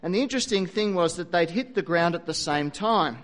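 A man's voice: sits high, animated, a little fast, fairly bright tone. A man preaching a sermon, telling a story with dry asides and a varied pace.

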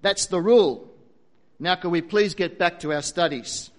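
A man voicing a stern male university professor who speaks sarcastically, loud and clipped. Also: high-pitched, normal speed, close to an everyday voice. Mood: sarcastic.

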